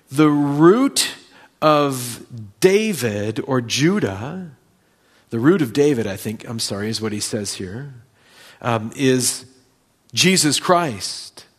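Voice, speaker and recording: Male preacher, expository sermon, emphatic peaks when reading and stressing key phrases. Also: medium pitch. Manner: reads scripture aloud with rising emphasis.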